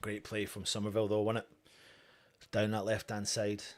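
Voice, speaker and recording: A young man hosting a live fan watchalong, calling the play quietly and then erupting into shouts and chants. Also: on the low side, monotone, moderate pace. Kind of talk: live fan match commentary.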